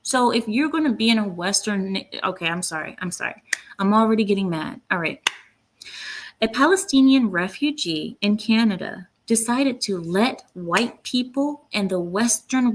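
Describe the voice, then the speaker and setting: A woman hosting her own commentary channel, speaking bluntly and with indignation, often breaking off to read quotes aloud. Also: medium pitch. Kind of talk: opinionated solo commentary.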